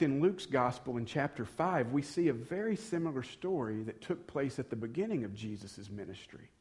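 A man preaching a sermon, retelling a story with animated drama and conversational asides. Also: on the high side.

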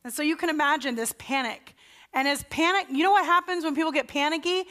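A woman's voice: high-pitched, quick pace, sharp tone. A woman pastor giving a sermon in a conversational storytelling way, acting out the voices of the people she describes. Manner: conversational storytelling, acts out the Israelites' panicked voices.

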